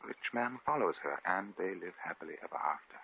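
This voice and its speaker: A genteel English lord, lovestruck and doting in a 1950s radio play. He speaks in a very deep voice that swings lively in pitch, and he stammers fussily. The recording is dull and dated, with faint hiss. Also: a little fast, creaky.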